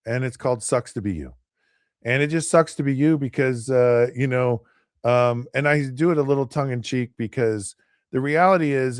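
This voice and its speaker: A man's voice: medium pitch, dry recording, clean studio sound. A middle-aged man hosting a casual sports talk show, rambling and sarcastic, with lots of fillers and restarts. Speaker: host.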